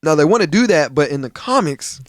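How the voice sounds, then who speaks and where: Young man, podcast co-host, casual chat, lively storyteller, slangy and profane, close dry mic. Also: fairly high pitch, brisk, dry recording. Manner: animated storytelling, acts out quoted characters; swears freely, slangy.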